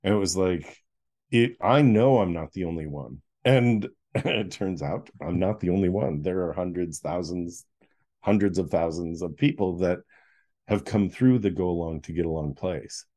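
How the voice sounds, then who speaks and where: Low-voiced and at normal speed, a middle-aged man appears as a podcast guest and author, recounting a personal story with animation and performing the different voices.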